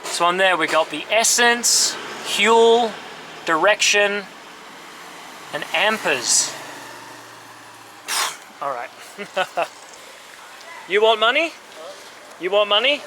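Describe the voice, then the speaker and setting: A man with a fairly high voice chats his way through a travel vlog, upbeat and easygoing, slowing down and keeping his words simple when he talks to locals. He is recorded outdoors on a handheld camera mic. Steady street noise and passing vehicles sit loudly behind him. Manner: upbeat, chatty, speaks slowly and simply to locals. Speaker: travel vlogger. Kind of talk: casual travel vlog chat. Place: outdoors at a street-side car yard.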